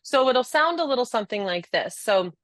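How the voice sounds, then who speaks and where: A woman in her thirties, a communication trainer, talking in a webinar conversation, animated and laughing often as she demonstrates speech patterns. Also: a little high, fairly quick, no echo.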